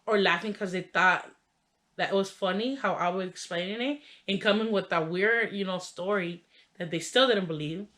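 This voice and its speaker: A woman's voice: mid-range voice, normal speed, fairly bright tone. Chatty young woman telling a story. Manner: chatty, heavy use of "like" and "you know" fillers; laughs while telling the story. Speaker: vlogger. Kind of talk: casual storytelling.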